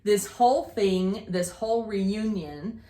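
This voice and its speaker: A woman's voice: medium pitch, slow pace, warm tone. A woman in her fifties, co-hosting a casual chat, telling rambling family stories with restarts and laughter. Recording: echoey room.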